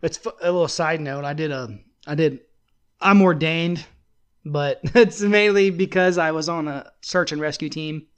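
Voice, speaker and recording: A man's voice: fairly high pitch, normal speed, clear, resonant tone. A man co-hosting a podcast in casual, rambling chat, laughing often. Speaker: podcast co-host.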